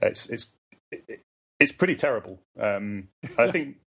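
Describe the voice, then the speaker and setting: A young Scottish man answering questions in a relaxed conversation, often restarting sentences and laughing lightly. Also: medium pitch, measured pace, husky. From Scotland. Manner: hesitant, many restarts, laughs easily. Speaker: guest. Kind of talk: casual conversation.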